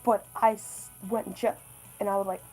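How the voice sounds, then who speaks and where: A woman's voice: mid-range voice, fairly even intonation, moderate pace, darkish tone, breathy edge, soft background music, rough recording. A young woman telling a story in a casual vlog, rambling, swearing and joking at her own expense. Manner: rambling, swears a lot, self-deprecating. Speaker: vlogger.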